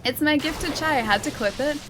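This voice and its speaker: A woman's voice: high-pitched, a little fast, background noise. A woman streaming a game, chatting casually, reading chat aloud and laughing often. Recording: game music behind.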